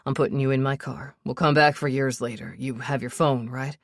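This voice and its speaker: A woman voicing a gruff, protective young man who chases storms, speaking low and close in an audiobook. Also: steady tone, a little fast, dry recording. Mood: urgent tender. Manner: low growling tone, tender under strain.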